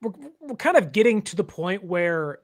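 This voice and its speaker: A man's voice: high-pitched, sing-song, moderate pace. A man co-hosting a sports podcast, chatting casually, acting out quotes in little voices and laughing along.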